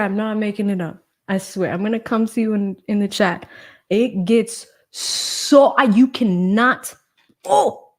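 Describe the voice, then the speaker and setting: A woman hosting a true crime commentary livestream, indignant and emphatic, talking straight to her viewers. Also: medium pitch. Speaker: livestream host.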